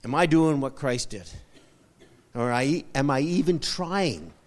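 A man's voice: medium pitch, animated, measured pace. Man preaching with long hall reverb. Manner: call-and-response preaching, asking for amens; repeats short emphatic phrases. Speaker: pastor. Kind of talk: sermon.

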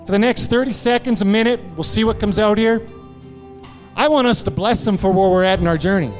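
A man's voice: high-pitched, brisk, faint music behind. A male pastor preaching with fervent, repeated exhortations during a church service. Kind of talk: sermon.

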